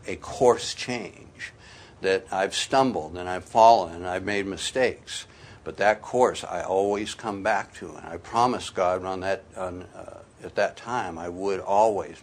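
A man preaching a sermon, telling his own conversion story in a folksy way, swinging from quiet asides to loud, emphatic peaks. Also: deep voice. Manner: folksy, sprinkles in "you know" and "man". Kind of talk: sermon with personal testimony.

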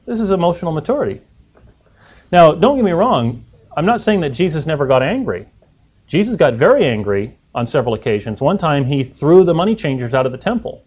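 A man's voice: fairly high pitch, very animated, brisk, darkish tone, husky. A man preaching a sermon in a conversational way, putting rhetorical questions to his listeners. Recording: dull lo-fi recording.

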